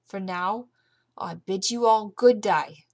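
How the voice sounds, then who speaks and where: A woman voicing a menacing, smirking male villain who speaks with slow, mocking politeness. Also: mid-range voice. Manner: sly, unhurried, mocking politeness.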